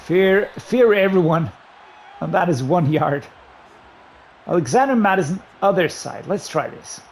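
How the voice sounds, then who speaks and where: A man giving running commentary while playing a football video game, excitedly talking through his play calls to himself. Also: high voice, measured pace, a little hiss or hum. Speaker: gaming YouTuber. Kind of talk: live gameplay commentary.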